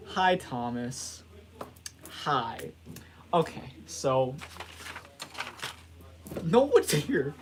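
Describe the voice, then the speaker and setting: A man's voice: mid-range voice, big pitch swings, extremely slow, pauses often, a little hiss or hum, low-quality recording. A man hosting a casual livestream, rambling and joking at his own expense, laughing and restarting often. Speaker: livestream host.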